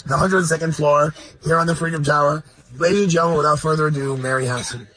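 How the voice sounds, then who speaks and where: A man's voice: fairly high pitch, fairly even intonation, fast, a bit bright, poor audio. A middle-aged man hosting a radio interview, effusive and talking over his guest. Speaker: radio host. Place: high-floor room, then a golf course.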